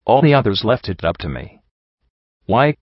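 A man narrating a dark first-person story in a grim, intense, dramatic reading. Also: lowish voice, sing-song, a little fast, no room sound. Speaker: audiobook narrator. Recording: dry, dull lo-fi recording.

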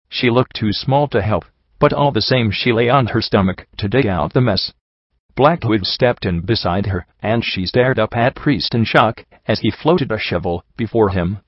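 A man narrating a story in the first person, reading in a measured, somber way. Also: fairly low pitch, dry recording. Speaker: audiobook reader. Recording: dull lo-fi sound.

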